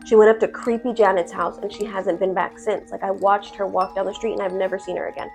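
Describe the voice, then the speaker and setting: Woman doing a caring bakery owner, softer and quieter, coaxing, swears. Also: mid-range voice, flat delivery, quick pace, soft background music, lightly acted. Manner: coaxing, profane.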